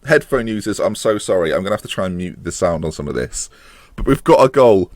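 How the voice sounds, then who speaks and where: A man giving excitable live commentary while playing a football management game, groaning and swearing at the match, his voice climbing higher as chances come near. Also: brisk, no room sound, studio quality. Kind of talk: live let's-play commentary.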